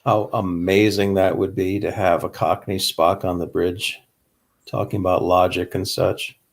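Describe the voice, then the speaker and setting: Lower-voiced man cracking dad jokes. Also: level tone, a little slow, creaky. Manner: dad-joke punning. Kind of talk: casual livestream chat.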